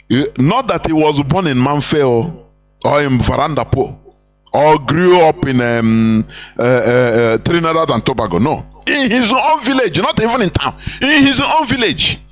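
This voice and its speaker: A Nigerian-accented man giving an impassioned, preachy live broadcast talk, repeating phrases and slipping into pidgin and Igbo. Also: mid-range voice. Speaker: broadcast speaker.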